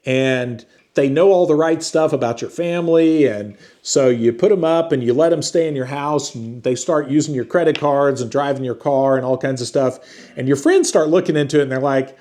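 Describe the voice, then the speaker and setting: A man's voice: mid-range voice, moderate pace, a little mellow. A man hosting a book review channel, talking casually to camera from his home, rambling and conversational with slang like "dude". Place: at home with a chiming antique clock.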